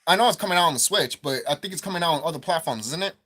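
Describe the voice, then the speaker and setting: A man's voice: a little high, expressive, rapid-fire, bright, forceful tone. A man delivering a profane, heated rant about video game prices, repeating himself as he builds up steam. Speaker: gaming commentator. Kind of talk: angry gaming rant.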